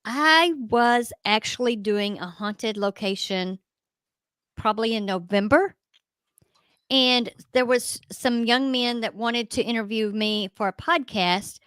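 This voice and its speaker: A middle-aged woman, a ghost hunter guest telling an emphatic, animated story in a radio interview. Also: fairly high pitch, slow pace, smooth, no room sound.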